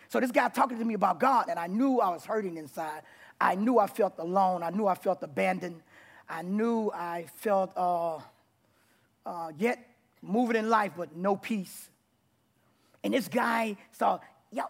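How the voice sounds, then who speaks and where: A man preaching his testimony to a congregation in a church, with a rough, abrupt delivery that bursts into loud, excited passages. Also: sits high, moderate pace. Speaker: guest preacher. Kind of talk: testimony sermon. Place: church sanctuary before a congregation.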